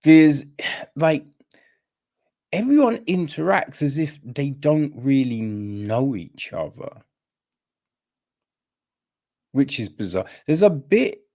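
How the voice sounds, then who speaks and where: A man hosting a film review podcast, talking casually with many fillers and swinging from high exclamations to low mutters. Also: expressive, slow pace, pauses often, darkish tone. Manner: incredulous, rambling, with many fillers.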